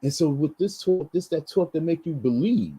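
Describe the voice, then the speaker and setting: A man's voice: on the high side, lively intonation, moderate pace, dark tone, husky, low-quality recording. A man venting in a heated, repetitive rant on his vlog, full of restarts and slang. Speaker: vlogger.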